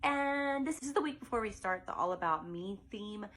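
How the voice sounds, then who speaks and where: A woman's voice: mid-range voice, expressive, normal speed, fairly bright tone, low-quality recording. A middle-aged woman, a preschool teacher explaining a finger song and singing it in playful, changing voices. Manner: playful, changes her voice for silly sung characters.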